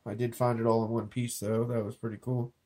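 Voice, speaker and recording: A man's voice: medium pitch, level tone, brisk, warm tone. A man with a cold, showing off his finds in a laid-back, joking, slightly rambling way. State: has a cold, clearing throat. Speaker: metal detecting vlogger. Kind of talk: casual show-and-tell. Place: indoors in an office.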